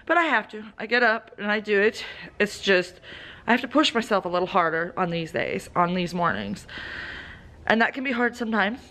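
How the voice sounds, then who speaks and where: A woman in her thirties with a Southern American accent, chatting casually while doing farm chores outdoors, cooing softly to her animals now and then. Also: medium pitch, big pitch swings, brisk. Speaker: homestead vlogger.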